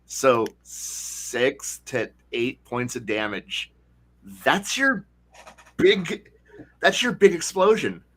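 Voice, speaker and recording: A man hosting a casual podcast chat about tabletop games, talking animatedly and slipping into quick voices for players. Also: mid-range voice, sing-song, a bit bright. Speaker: podcast host.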